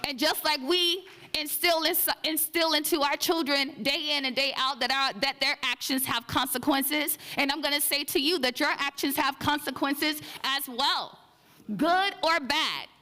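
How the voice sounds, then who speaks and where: A woman's voice: sits high, fairly even intonation, moderate pace, hardly any pauses, pushed and bright. A woman giving a preacherly public comment at a city meeting, repeating phrases for emphasis.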